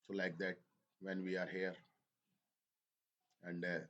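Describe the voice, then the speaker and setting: Slow-paced teacher, low voice. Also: male voice, monotone, fairly bright tone, highs cut off. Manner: slow, halting, repeats phrases, switches into Hindi. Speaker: English teacher. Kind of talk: slow spoken lesson.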